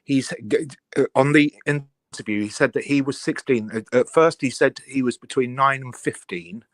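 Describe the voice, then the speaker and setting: A man's voice: mid-range voice, moderate pace, no echo. A man caller on a live stream. He is polite and methodical and lays out details step by step, with a close, dry sound. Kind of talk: casual call-in chat.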